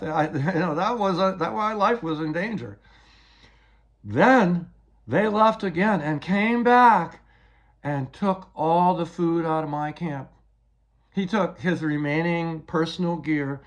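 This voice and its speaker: Slow-talking older man, agitated. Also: high-pitched. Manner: rambling, repeats words, agitated retelling. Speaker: person giving a statement. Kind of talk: personal account.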